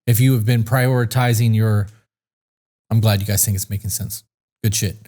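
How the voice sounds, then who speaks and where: A man's voice: lowish voice, fairly even intonation, normal speed, warm tone. A man co-hosting a podcast in casual chat, rambling and candid, swearing freely, short on sleep. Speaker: podcast co-host.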